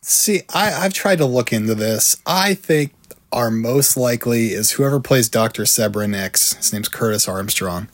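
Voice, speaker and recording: A man's voice: medium pitch, normal speed. A man co-hosting a podcast in casual chat, wry and matter-of-fact. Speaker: podcast co-host.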